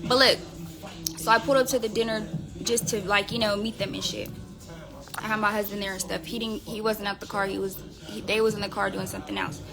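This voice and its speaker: A woman's voice: mid-range voice, steady tone, a little fast, gravelly, over music. A woman telling gossip on a live stream in a casual, profane, rambling way, full of fillers. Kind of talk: casual storytelling rant.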